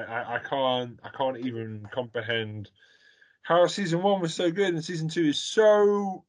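Guy hosting a chat, peppy and jokey, swears a lot, mid voice. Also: mid-range voice. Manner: excitable, swears freely, jokey. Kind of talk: casual chat. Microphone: video call.

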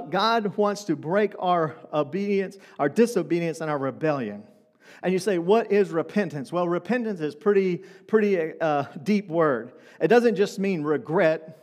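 A man with a notably high voice preaches a sermon to his congregation. He talks in a loose, conversational way and keeps throwing rhetorical questions at the room. His voice rings out with the long reverb of a church hall. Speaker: pastor.

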